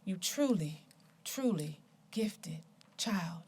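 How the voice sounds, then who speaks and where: A woman's voice: a little high, lively intonation, measured pace, pushed and bright. A woman poet performing spoken word poetry in an auditorium, rhythmic and rousing, with call-and-response.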